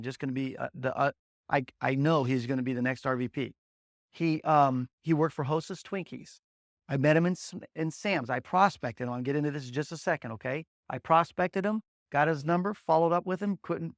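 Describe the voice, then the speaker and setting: A man leading a motivational sales training session for new agents, telling energetic stories and driving points home with repeated "guess what" and "okay?". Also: medium pitch, dry recording, clean studio sound. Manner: blunt, punchy coaching delivery.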